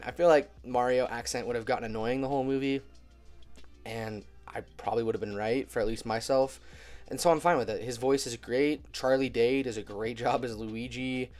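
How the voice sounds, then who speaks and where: A young man with a medium-pitched, darkish voice is getting over a cold as he talks casually in his movie review vlog. He's chatty, sprinkles in "like" constantly, and laughs easily.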